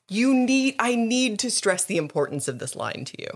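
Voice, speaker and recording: A woman's voice: a little high, sing-song, moderate pace, few pauses. A woman co-hosting a podcast in casual book chat, emphatic, swearing freely and laughing often. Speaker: podcast co-host.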